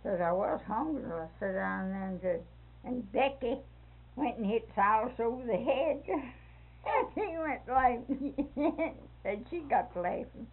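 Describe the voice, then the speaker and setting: Gravelly older woman telling stories. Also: a little high, slow. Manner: lively storyteller who acts out voices and laughs often. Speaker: interviewee telling a family story. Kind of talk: oral history storytelling. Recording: lo-fi phone-like recording.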